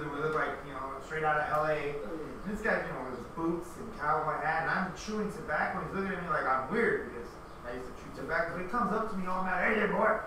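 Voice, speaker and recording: A man's voice: a little high, noisy background. Chatty young man in an echoey room. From California. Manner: animated, chatty. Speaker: study group member. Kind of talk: casual storytelling. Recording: echoey room, far from mic.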